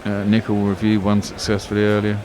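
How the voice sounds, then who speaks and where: A man giving live ball-by-ball radio cricket commentary, excitable, swearing and arguing with his co-commentator. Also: on the low side, fairly quick, background noise. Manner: excitable, swears freely, argumentative banter.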